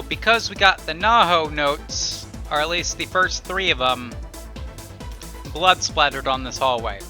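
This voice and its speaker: A man's voice: on the high side, sharp tone. A young man doing let's play commentary, playful and mock-ranting, humming his own sound effects. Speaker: gameplay YouTuber.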